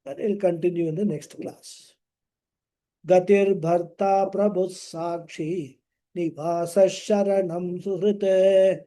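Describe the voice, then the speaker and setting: Man, scripture teacher, slow and measured, chants verses, soft warm tone. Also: high voice. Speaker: spiritual teacher. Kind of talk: scripture lecture.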